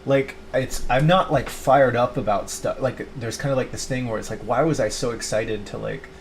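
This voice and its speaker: A man's voice: medium pitch, moderate pace, creaky. A middle-aged man rambling to camera in a confessional, self-pitying monologue, his talk full of "like" and restarts. He drops into mock voices when quoting himself. Faint background noise sits under his voice. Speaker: YouTuber.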